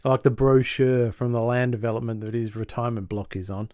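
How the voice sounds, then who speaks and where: A male podcast host talking casually and recapping sitcom plots with lively energy. His voice sits at a middle pitch and is recorded dry and close, with no room sound. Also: brisk, no room sound. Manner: animated episode recapping, with lively acted quotes. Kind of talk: casual chat.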